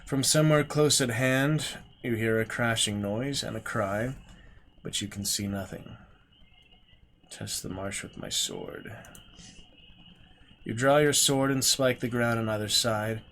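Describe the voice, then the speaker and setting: A man reads a gamebook aloud on a stream in a steady, middle-pitched voice. He takes the story at a measured pace and mutters asides under his breath. Faint background noise sits under the voice. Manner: slow, measured reading broken by quiet mumbled asides.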